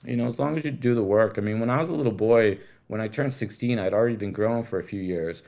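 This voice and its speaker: A middle-aged man from the United States speaks at a lowish pitch. He tells rambling, candid stories in casual chat, swears freely, and acts out quoted voices along the way. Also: quick pace, vocal fry, a little mellow. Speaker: guest. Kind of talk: casual storytelling interview.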